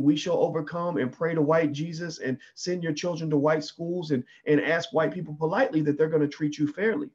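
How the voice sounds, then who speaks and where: A man's voice: a little high, slightly rough, dull audio. A man giving an emphatic opinion monologue, often asking 'right?' and restarting his sentences. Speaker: commentator.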